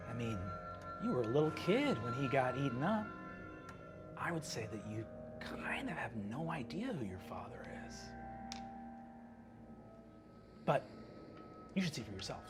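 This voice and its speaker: A man voicing a sly, menacing female devil cat spirit in a hushed, breathy half-whisper, taunting and conspiratorial, over background music. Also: mid-range voice, sing-song, normal speed, long pauses, lightly acted. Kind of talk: tabletop game character voice.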